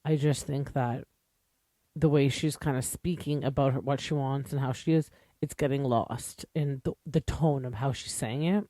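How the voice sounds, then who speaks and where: A man's voice: medium pitch, steady tone, normal speed, warm tone, no room sound. A man hosting a podcast, giving a chatty, opinionated recap with lots of asides and fillers, English as his first language. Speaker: podcast host. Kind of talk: casual recap commentary.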